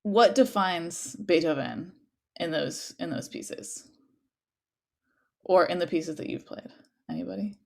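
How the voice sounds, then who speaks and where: Young woman, music teacher, lowish voice, casual, hums rhythms, lots of "like" and "um". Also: unhurried, gravelly. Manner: casual, sings rhythms on syllables, many fillers. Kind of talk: interpretation class lecture.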